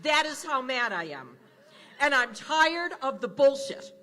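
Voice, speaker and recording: A woman's voice: high voice, very animated, a little slow, a crowd in the background, background noise. A retired woman in her sixties from Wisconsin giving an indignant, rousing speech at a rally. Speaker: rally speaker. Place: large indoor rally with crowd.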